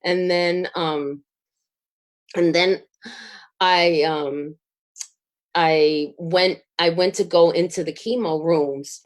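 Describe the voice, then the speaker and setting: A middle-aged woman, a guest telling a story in an interview, rambling with fillers and restarts and laughing as she gets excited. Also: fairly low pitch, measured pace, long pauses. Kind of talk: casual storytelling.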